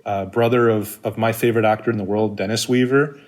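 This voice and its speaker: A man's voice: lowish voice, fairly even intonation, brisk. A man co-hosting a film podcast, talking in a loose, filler-heavy way with casual swearing. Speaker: podcast co-host.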